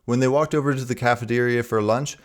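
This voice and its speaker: Clear-voiced man reading a novel. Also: mid-range voice, fairly even intonation, fast. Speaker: narrator.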